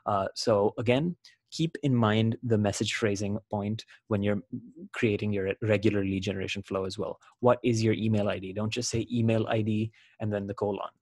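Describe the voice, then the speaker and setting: A man explains things in a relaxed webinar walkthrough, with plenty of fillers and self-corrections. His voice sits low and a little husky. The sound is dry and close, with almost no room around it. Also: normal speed, no room sound. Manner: casual, explanatory, with frequent fillers and restarts. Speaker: webinar presenter. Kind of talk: screen-share webinar walkthrough.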